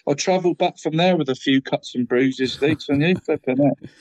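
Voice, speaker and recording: A man's voice: on the high side, fairly quick, a little mellow, no room sound. A middle-aged man co-hosting a football show, rambling and putting "mate" after every phrase. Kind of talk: casual football chat.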